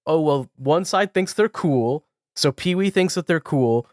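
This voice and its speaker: A man's voice: a little high, lively intonation, a little slow, a little mellow, dry recording, clean studio sound. A man co-hosting a podcast, chatting casually, rambling with lots of "like" and laughing between thoughts. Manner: rambling, heavy "like" fillers, giggly. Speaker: podcast co-host. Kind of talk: casual chat.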